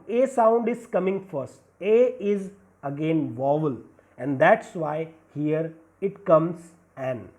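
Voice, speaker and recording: A man's voice: sits high, warm tone. A man teaches a grammar lesson, talking through on-screen examples. He explains patiently and step by step, circling back to repeat key phrases and checking in with an "okay". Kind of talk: recorded grammar lesson over slides.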